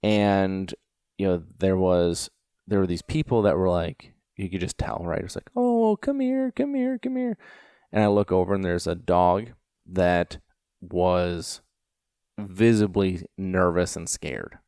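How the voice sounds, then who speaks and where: Podcast host, male, 30s, low voice, dry close mic, rambling anecdotal delivery. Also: level tone, unhurried, a little mellow, clear, resonant tone, no room sound. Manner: rambling, frequent "you know" fillers. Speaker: podcast host and dog trainer. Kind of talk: casual storytelling.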